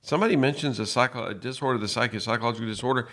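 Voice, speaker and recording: A man's voice: mid-range voice, rapid-fire, a bit bright. A man co-hosting a podcast, explaining earnestly in a casual talk and acting out little dialogues in quoted voices. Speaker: podcast co-host.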